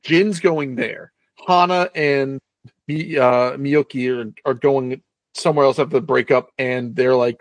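A man's voice: medium pitch, fairly even intonation, a little slow, no room sound. A man casually recapping a film plot in a rambling, swearing storytelling manner, as a co-host.

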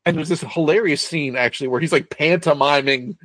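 A man's voice: on the high side, fairly quick, fairly bright tone, dry recording. A man casually recapping a film plot in a rambling, swearing storytelling manner, as a co-host.

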